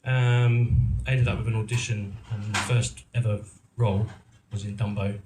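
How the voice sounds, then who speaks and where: In a roomy hall at an event venue, a middle-aged English actor-producer casually recounts his story to a live crowd, rambling, self-deprecating and full of ums and restarts. His voice is on the low side and level, at a moderate pace. The sound is roomy, with background noise.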